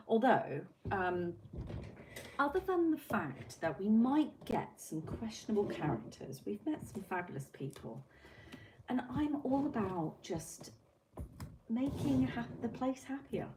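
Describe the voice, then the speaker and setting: A woman's voice: medium pitch, sing-song, a little slow, a little hiss or hum, low-quality recording. A woman hosting a casual livestream, chatting and reading out viewer comments, swearing now and then. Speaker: livestream host. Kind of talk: casual live-stream chat.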